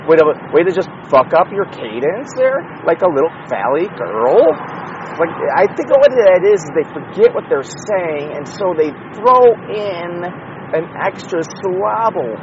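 Man, young, fairly high voice, solo podcast host, wandering profane asides, muffled recording from a car with faint traffic behind. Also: sing-song, a little slow. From Chicago area, United States. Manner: rambling, profane, self-interrupting asides. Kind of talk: casual solo MMA commentary. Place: in a car with the window open. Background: traffic and street noise.

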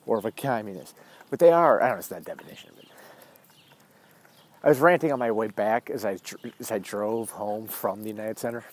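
A man hosting a podcast, talking in a rambling, profane way while outdoors walking his dog. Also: on the low side. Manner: rambling, profane, self-interrupting. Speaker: podcast host. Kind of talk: rambling casual monologue.

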